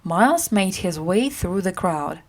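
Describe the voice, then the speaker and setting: Slow expressive woman reading a story. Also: on the low side. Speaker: reader. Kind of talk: graded-reader audiobook narration.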